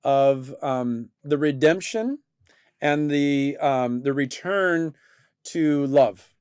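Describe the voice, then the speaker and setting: A man with a fairly high, smooth and resonant voice hosts a faith-based discussion show. He talks earnestly and thoughtfully, often restarting his sentences. The sound is dry and close to the mic. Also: lively intonation, very slow, a little mellow, no echo. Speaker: host.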